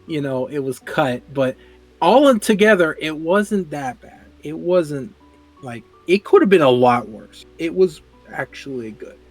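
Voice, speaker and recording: A man co-hosting a casual podcast chat, animated and quick to laugh, often repeating words when he gets excited. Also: on the high side, soft background music. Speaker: podcast co-host.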